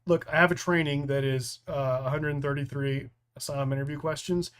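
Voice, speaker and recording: A man's voice: on the high side, fairly even intonation, fairly quick, fairly bright tone. A man from the United States with an American accent, hosting a live training stream, reading out viewer comments and answering them in a loose, rambling way. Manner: rambling, full of restarts and fillers.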